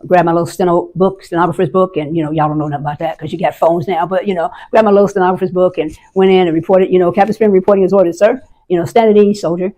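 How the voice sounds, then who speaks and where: A woman's voice: on the low side, fairly even intonation, warm tone. Older woman veteran telling her story. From United States. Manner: earnest, acts out quoted voices, halting restarts. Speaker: Army veteran guest. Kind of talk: personal testimony storytelling.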